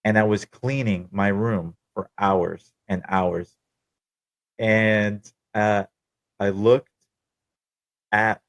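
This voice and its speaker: Young man, low voice, dry close sound, casual swearing storyteller. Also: dry recording. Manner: profane, candid, wry. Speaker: podcast host telling his own story.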